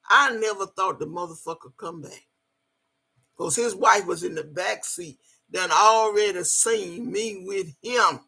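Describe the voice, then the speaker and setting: A woman's voice: mid-range voice, unhurried, creaky, sharp tone, husky. A woman, telling a story in a blunt, emphatic way and cussing freely. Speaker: vlogger. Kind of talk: profane storytelling monologue.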